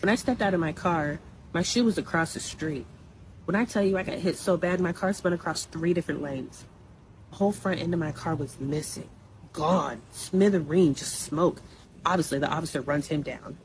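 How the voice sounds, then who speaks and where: A young woman telling a personal story in a blunt, animated, conversational way, full of asides to the listener. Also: deep voice, normal speed, a little hiss or hum, poor audio.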